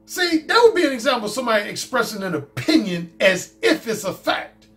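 A man's voice: very high voice, sing-song, fairly quick, fairly bright tone, soft background music. A man hosting his own channel, giving a casual, blunt and profane commentary monologue and repeating his points. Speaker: dating coach and YouTube host.

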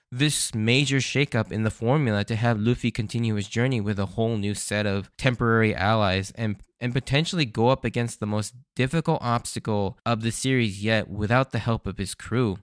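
A man's voice: medium pitch, clean tone, no room sound, studio quality. A man hosting a solo podcast, explaining scenes with enthusiasm and chuckling at the jokes he recounts. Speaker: podcast host.

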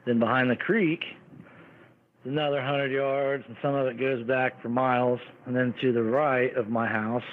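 Brief: male caller, rambling casual storyteller, mid-pitched, heard over a tinny phone line. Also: flat delivery, normal speed, slight background noise. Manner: rambling, restarts and quotes neighbors. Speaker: caller telling an encounter story.

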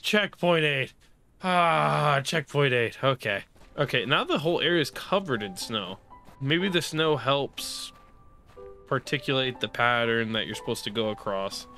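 A young man doing let's play commentary, excitable and sarcastic, pleading and shouting at the game as he plays. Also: medium pitch, moderate pace, faint music behind. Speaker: gaming YouTuber.

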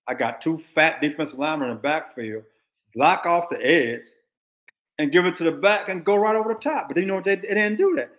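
A man's voice: a little high, expressive, brisk, a bit bright. An older man from Texas, a former football coach, giving blunt, emphatic football analysis in casual talk and repeating his points.

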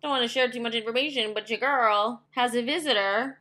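Bubbly young woman doing a makeup review at home, crisp bright voice, kinda high, little music under it. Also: a little fast. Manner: chatty, playful, breaks into song and jokes. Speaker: beauty vlogger. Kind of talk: casual makeup review chat. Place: home, indoors.

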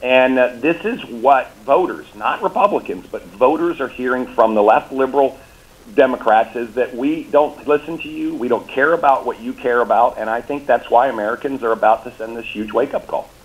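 A man's voice: mid-range voice, normal speed, muffled recording. A man, a governor, being interviewed on talk radio, confident and upbeat, repeating words as he restarts his talking points. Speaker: governor, guest. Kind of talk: political interview by phone or remote.

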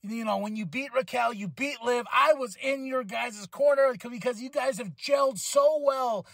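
Podcast host, male, fairly high voice, excitable and profane, rambles, dry close sound. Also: normal speed, vocal fry, dry recording. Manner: excitable, rambling, swears freely. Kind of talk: casual solo review podcast.

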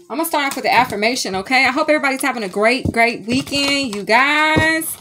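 A woman's voice: high voice, quick pace, music in the background. A woman, chatting animatedly as a spiritual medium in a home vlog, often checking in with the viewers. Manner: animated, chatty, keeps checking in with "okay?" and "y'all". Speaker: spiritual medium and tarot reader. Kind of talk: casual spiritual vlog chat. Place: home room with sage smoke.

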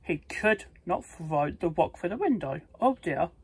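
A storybook reader narrating a children's tale in a husky, breathy voice. The reading is slow and plain, with frequent small stumbles and restarts. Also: medium pitch, very animated, no echo, low-quality recording. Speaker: storybook reader, channel host.

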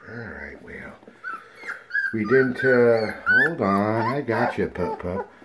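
In a home video shot in an indoor room at home, a dog breeder talks casually to puppies, cooing playfully and sometimes whispering. His lowish voice is expressive and slow, with heavy background noise.

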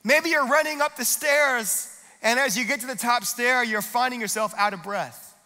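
A man preaching with a very high, bright and forceful voice. He delivers a lively sermon and pushes up into shouted declarations. A long church-hall reverb trails after his words. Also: moderate pace. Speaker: pastor. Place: church auditorium.

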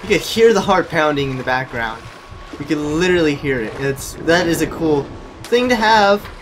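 A man's voice: on the high side, animated, normal speed. A man commentating a horror game, joking and talking to the characters, yelping when scared. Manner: jokey, yelps and shrieks when scared; chatty, talks to game characters. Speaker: gameplay commentator. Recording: noisy home recording.

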